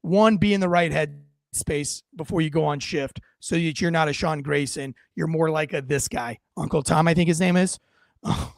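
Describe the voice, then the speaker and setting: A man's voice: on the high side, moderate pace, gravelly, no room sound, studio quality. A man hosting a podcast, talking through a video clip in emphatic, casual commentary with frequent fillers. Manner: emphatic, punchy, with many fillers. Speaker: podcast host.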